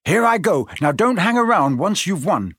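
A man puts on a bossy young boy wizard, his voice lifted higher than a plain reading voice. He calls out moves with firm decisiveness, close and dry as if in a small booth. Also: big pitch swings, slow pace, no room sound, full character voice. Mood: determined. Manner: bossy, decisive under pressure. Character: young boy wizard, bold chess strategist.

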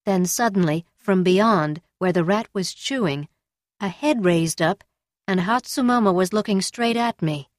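A woman's voice: medium pitch, no echo. Woman narrating a novel, dry close voice. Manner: measured, storytelling. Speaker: audiobook narrator. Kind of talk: scripted narration.

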